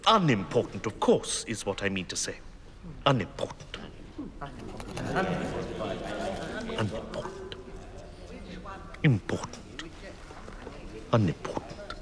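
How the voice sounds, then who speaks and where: A man's voice: lowish voice, big pitch swings, fairly quick, hardly any pauses, big-room sound, crowd noise. An actor playing a pompous, fussy king who presides over a trial and dithers over his words. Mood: dithering. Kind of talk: film acting.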